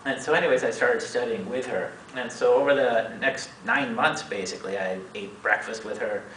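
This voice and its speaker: A man in his forties telling a personal story to a meeting audience, acting out the other people's lines with sudden pitch jumps. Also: normal speed, slight background noise. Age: 40s. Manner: animated, acts out quoted voices with big pitch jumps. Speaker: speaker at a meeting. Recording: echoey room, speaker far from mic.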